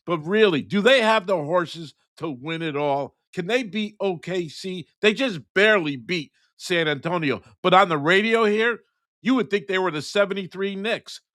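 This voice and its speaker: Male co-host from New York, blunt and emphatic, slightly high, dry sound. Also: moderate pace, fairly bright tone, no room sound. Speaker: sports show co-host. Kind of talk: ranting sports opinion.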